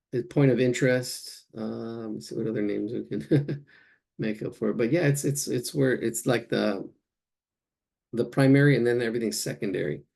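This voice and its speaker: Male art teacher, gravelly and dark-toned, painting live and musing aloud. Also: medium pitch. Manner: thinks aloud while painting, searching for words. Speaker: art instructor.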